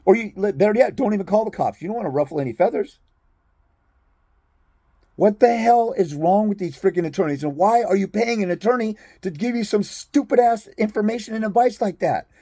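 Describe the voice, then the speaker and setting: A man's voice: high-pitched, animated, fairly quick, mellow, no echo, clean studio sound. A man ranting bluntly and profanely to his viewers as a fathers' rights advocate, exasperated and confrontational.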